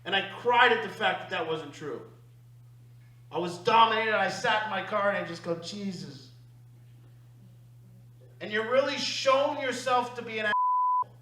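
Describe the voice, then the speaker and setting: A man coaching a recovery group, talking emphatically and confessionally, swinging between loud bursts and hushed asides. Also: high voice, huge pitch swings, normal speed, pauses often, roomy sound, low-quality recording. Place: meeting room.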